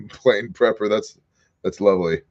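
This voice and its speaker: A man's voice: on the low side, slow, darkish tone, dull audio. A man from Kansas hosting a casual livestream commentary show, mixing sarcastic asides with reading viewer comments. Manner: wry, sarcastic asides, reads chat comments aloud.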